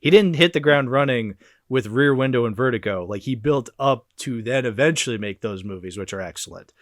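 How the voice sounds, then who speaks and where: A man's voice: mid-range voice, animated, fairly quick, no echo, clean studio sound. A man hosting a casual movie podcast, loose and profane, laughing often and launching into playful rants. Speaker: podcast host.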